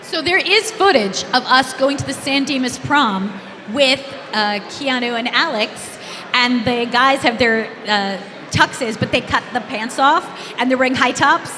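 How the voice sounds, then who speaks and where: A woman on a convention panel, telling playful stories in an animated, laughing way. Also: high-pitched, a little slow. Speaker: panel guest. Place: large convention hall. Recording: echoey hall with background noise.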